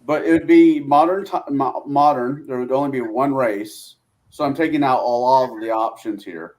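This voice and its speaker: A man with a mid-pitched voice works through his ideas about tabletop games out loud. He hesitates and trails off as he searches for them. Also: normal speed. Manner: hesitant, thinking aloud. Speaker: podcast panelist.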